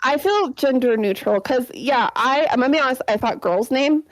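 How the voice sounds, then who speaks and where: A woman's voice: high voice, normal speed, no echo, poor audio. A woman co-hosting a podcast in playful, rambling casual chat, laughing often. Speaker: podcast co-host.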